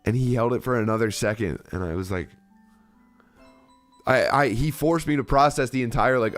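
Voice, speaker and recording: A man in his forties hosting a casual stream, telling a rambling, animated story full of restarts and swearing. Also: medium pitch, normal speed, long pauses, soft background music. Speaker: streamer host. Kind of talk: casual storytelling to a live chat.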